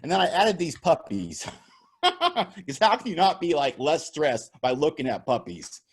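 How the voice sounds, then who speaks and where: Upbeat male keynote speaker on a video call, animated storyteller who laughs at his own jokes, bright, swinging delivery. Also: fairly high pitch, unhurried, slightly rough. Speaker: motivational speaker. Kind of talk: virtual keynote talk with storytelling.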